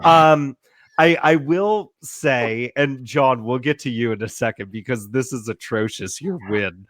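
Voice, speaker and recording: A man's voice: medium pitch, measured pace, fairly bright tone, dry recording. A man hosting a casual podcast, trash-talking his friends with profane, mock-outraged rants. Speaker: podcast host. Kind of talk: casual chat.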